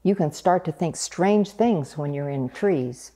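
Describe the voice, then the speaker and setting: A woman voicing a small, earnest, chatty female duck in a storybook reading, with a high, questioning voice. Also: lively intonation, unhurried, warm tone. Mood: wistful.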